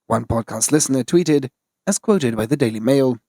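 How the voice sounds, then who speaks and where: A man reading scripted news narration in a flat, even delivery. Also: medium pitch, normal speed, no echo.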